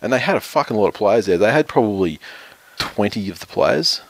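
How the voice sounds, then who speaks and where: Swearing Aussie bloke telling stories. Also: male voice, fairly low pitch, animated, a little fast. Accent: Australian. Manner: rambling, swears a lot, laughs often. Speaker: podcast co-host. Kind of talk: casual chat.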